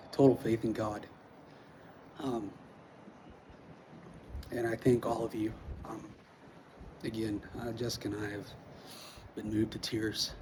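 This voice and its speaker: A man talks slowly and haltingly, close to tears, pausing often between words. His voice is low and held almost on one pitch. A steady hum of ambient noise sits behind him. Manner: halting, many pauses and fillers. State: emotional, near tears. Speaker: vlogger sharing personal news. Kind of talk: emotional personal address.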